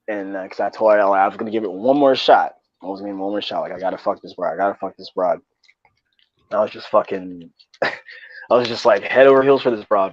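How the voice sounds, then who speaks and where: A young man casually telling a rambling, profane story in slangy talk. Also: fairly low pitch. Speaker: podcast co-host. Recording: dull lo-fi dry sound.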